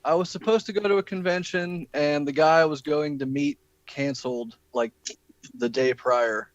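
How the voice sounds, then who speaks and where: A man chats easygoing over a video call as a stream guest. His voice sits somewhat high and his delivery stays relaxed. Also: moderate pace, dry recording, highs cut off. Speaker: livestream guest. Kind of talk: casual video call chat.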